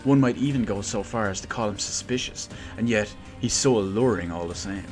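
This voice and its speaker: A man doing a swooning robot girl from a video game, raising his pitch into an eager, gushing delivery. She is infatuated and jealous, and she speaks up brightly. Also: brisk, music in the background, close to an everyday voice. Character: lovestruck female robot villager, gushing and jealous.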